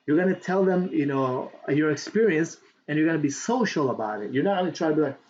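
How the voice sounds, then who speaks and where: A chatty man coaches viewers in a loose, talkative way, his voice sitting a little high. He keeps circling back with "right?" and moves about as he talks. The recording sounds dull and lo-fi, with a faint hiss of background noise. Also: fast. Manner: animated, reaching around for books while talking. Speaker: affiliate marketing coach. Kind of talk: casual on-camera tutorial.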